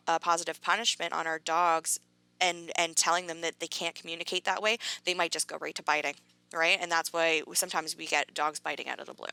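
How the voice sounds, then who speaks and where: A woman's voice: lowish voice, gravelly, bright, forceful tone, no room sound. A woman dog trainer giving a casual, chatty training lesson, full of fillers and acted-out quotes. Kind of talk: educational talk to camera.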